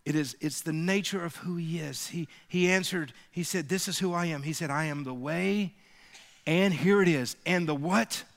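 Bright high-voiced preacher in a hall. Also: male voice, normal speed, vocal fry. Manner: call-and-response preaching, rising to emphatic peaks. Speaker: pastor. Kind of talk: sermon. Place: church sanctuary. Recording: reverberant hall.

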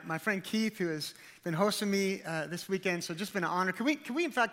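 A man's voice: high-pitched, pushed and bright, long reverb tail. A man in his thirties from the Dallas area, a guest preacher giving a chatty, joking sermon in a church with many fillers and restarts. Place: church auditorium.

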